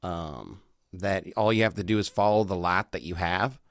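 A man's voice: low-pitched, moderate pace, no echo, studio quality, pitched below the performer's own voice. A man posing as a caller with a put-on Southern accent, drawling and questioning. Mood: earnest. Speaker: prank caller.

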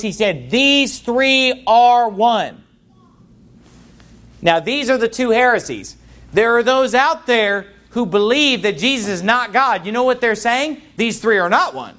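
A man's voice: high voice, fairly bright tone. A man preaching as a pastor, reading scripture aloud and then expounding on it with rising intensity. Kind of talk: sermon.

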